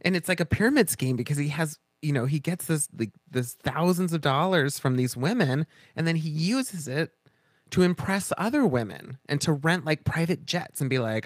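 A man's voice: fairly high pitch, normal speed, no echo, studio quality. A man co-hosting a casual podcast chat, telling stories and acting out other people's lines as he goes. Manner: animated storyteller, acts out quoted voices. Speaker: podcast co-host.

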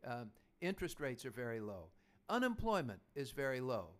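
A man's voice: medium pitch, sing-song, moderate pace, fairly bright tone. A man in his fifties hosting a podcast, talking casually about investing in a chatty, anecdotal way. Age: 50s. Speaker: podcast host.

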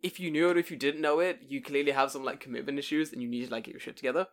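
A man's voice: medium pitch, rapid-fire. A young man co-hosting a casual podcast, telling stories with lots of swearing and mocking quoted voices. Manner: swearing, animated storytelling with mocking put-on quotes. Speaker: podcast co-host. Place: living in Japan.

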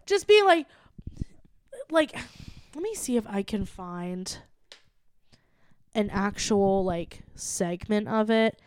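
A woman's voice: mid-range voice, lively intonation, takes it slowly, long pauses, clear, resonant tone. A woman co-hosting a comedy podcast, chatty, with frequent "like" and laughter. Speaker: podcast co-host. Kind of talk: casual comedic chat.

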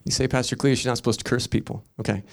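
A man's voice: mid-range voice, little pitch movement, very fast, creaky. A middle-aged man preaching a fervent sermon as pastor, telling stories between declarations.

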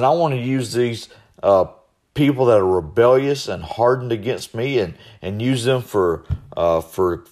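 A man's voice: mid-range voice, a little mellow. A male pastor preaching verse by verse, with many fillers and repeated words, rising when he voices God. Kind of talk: verse-by-verse sermon.

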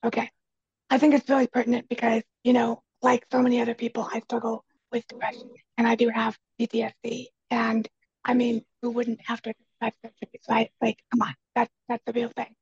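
A woman with a quiet, raspy voice, talking earnestly as a guest on an interview, stressing key phrases by repeating them. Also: on the high side, monotone, brisk, no room sound, lo-fi sound. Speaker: podcast guest, speaker and kitchen coach. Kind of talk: casual conversation.

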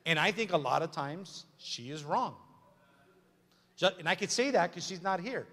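A man's voice: high voice, moderate pace, pushed and bright. A man preaching a sermon as pastor, emphatic and repetitive, with joking asides. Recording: long hall reverb with faint music.

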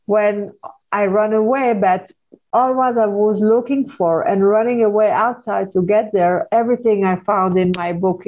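A middle-aged woman whose first language is Hebrew talks earnestly as an interview guest, pausing and restarting as she searches for words. Her voice sits at a medium pitch, and the recording sounds a little dull and lo-fi. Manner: earnest, halting, with frequent restarts and non-native phrasing. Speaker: guest author. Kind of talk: conversational interview.

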